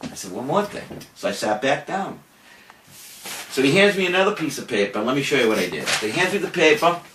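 An older man, a podcast host, telling a boastful story in a brash, animated way. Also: mid-range voice, a little fast. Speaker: podcast host saying farewell. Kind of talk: casual storytelling monologue. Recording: roomy, distant, faint noise.

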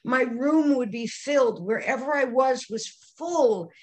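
An older woman, a guest on a podcast, telling childhood stories in an animated way and voicing the people in them. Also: high voice, unhurried. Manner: animated storyteller acting out quoted voices. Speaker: psychic medium guest. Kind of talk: storytelling interview answers.

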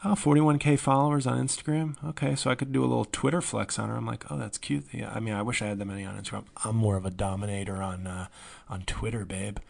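Male comedian, 40s, gravelly voice, rambling self-deprecating podcast monologue. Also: on the low side, fast. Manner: rambling, self-mocking, swings to loud excited yelling.

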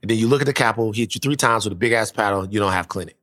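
A man with a bright, forceful voice telling a long story in casual conversation. He talks in an animated and profane way, often restarting his sentences. The sound is dry and close. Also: lowish voice, racing, dry recording.

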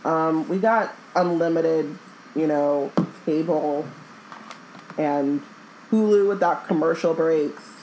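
Woman, lowish voice, blunt, jokey, swears, casual podcast co-host. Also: slow, darkish tone, slight background noise, rough recording. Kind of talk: casual chat.

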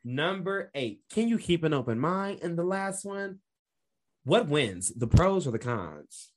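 A playful man co-hosting a podcast, talking in a loose, casual way and laughing often. His pitch swings widely and lively as he talks. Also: unhurried. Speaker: podcast co-host.

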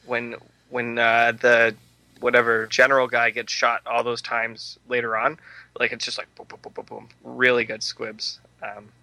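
A young man with a very bright, ringing voice, joking through a movie discussion on a podcast. He riffs with crude humor and breaks into laughter often. The sound is close and dry. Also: mid-range voice, completely flat delivery, unhurried, dry recording. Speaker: podcast co-host. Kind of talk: casual movie commentary podcast.

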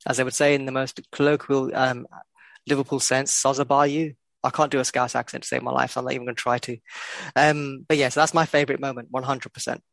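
A man's voice: medium pitch, level tone, fast talker, vocal fry, a bit bright, dry recording. A man co-hosting a podcast, talking football in a blunt, sweary way and laughing often. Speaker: podcast co-host. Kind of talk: casual football chat.

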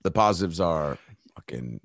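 A man's voice: deep voice, expressive, normal speed, dry recording, clean studio sound. A man guesting as a comedian on a podcast, riffing loosely in casual chat with plenty of profanity and fillers.

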